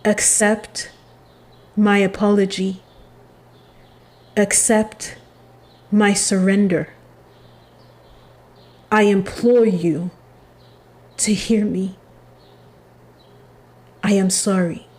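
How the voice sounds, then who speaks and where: A woman channeling a remorseful family member who pleads for forgiveness during a spiritual reading, speaking in a slow, solemn, halting way. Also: medium pitch, fairly even intonation, darkish tone. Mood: pleading.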